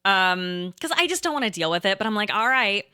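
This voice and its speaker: Bright, clear-voiced woman telling a rambling story. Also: mid-range voice, big pitch swings, fast talker. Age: 30s. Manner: hesitant, rambling, laughing often, quotes herself and others. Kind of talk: casual storytelling chat.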